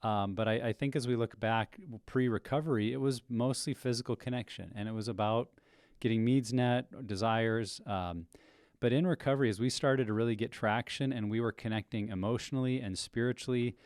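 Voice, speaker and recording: A man speaking on a podcast in a thoughtful, measured way, with frequent fillers as he reflects. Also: medium pitch, darkish tone, clear, resonant tone, dry recording, studio quality.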